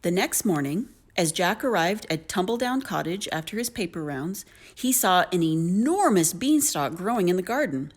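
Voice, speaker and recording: Animated lower-voiced woman reading a storybook. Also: normal speed, few pauses. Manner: animated, lilting. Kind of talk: expressive read-aloud storybook narration.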